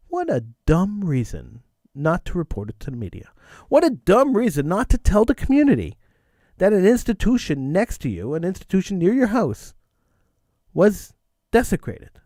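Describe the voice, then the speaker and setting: A man's voice: sits high, huge pitch swings, normal speed, a little mellow, no echo. A man hosting a call-in show, telling a story in a blunt, opinionated way and repeating phrases for emphasis. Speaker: talk show host. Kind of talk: call-in radio monologue.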